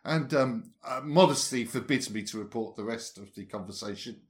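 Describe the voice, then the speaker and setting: A man's voice: medium pitch, normal speed. A man, co-hosting a podcast in casual chat and telling anecdotes with frequent laughter. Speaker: podcast co-host.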